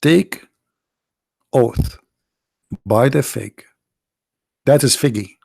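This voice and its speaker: A man with a gravelly, creaky voice delivers a mocking commentary monologue, firing off sarcastic rhetorical questions. His voice sounds tired, and the recording is dry and close with no room sound. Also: medium pitch, extremely slow, darkish tone, no echo. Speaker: video host and preacher.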